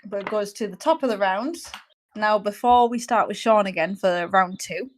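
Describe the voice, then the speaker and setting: A woman's voice: mid-range voice, moderate pace. Woman narrating as game master. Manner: hesitant, filler-heavy, explaining rules.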